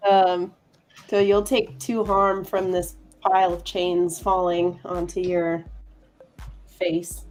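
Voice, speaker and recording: Woman gm, slow and hesitant, lots of um and like, faint music behind. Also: on the low side, flat delivery, darkish tone. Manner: hesitant, many fillers. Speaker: game master. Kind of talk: narrating a tabletop game.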